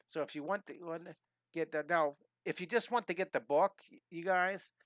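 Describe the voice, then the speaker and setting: A man in his fifties, an energetic and chatty drawing teacher who tells rambling stories during a live-streamed lesson. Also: on the high side, normal speed, no room sound. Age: 50s.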